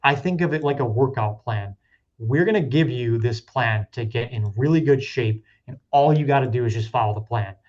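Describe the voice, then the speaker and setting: A man's voice: medium pitch, moderate pace. Man answering interview questions, lo-fi. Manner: relaxed, reflective, with frequent fillers and restarts. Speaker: rage room business founder, guest.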